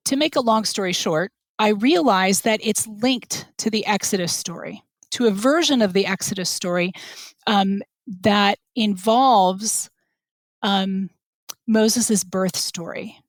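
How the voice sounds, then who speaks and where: A woman's voice: mid-range voice, measured pace, no echo. Thoughtful woman scholar explaining her research. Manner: thoughtful, hesitant, with many fillers and restarts. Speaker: guest scholar.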